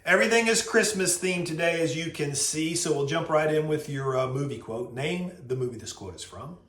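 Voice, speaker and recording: Lively storytelling man in an echoey room. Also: on the high side, brisk, hardly any pauses, slight background noise. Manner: lively storyteller, acts out voices. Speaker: host. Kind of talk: casual storytelling vlog. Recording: roomy echo.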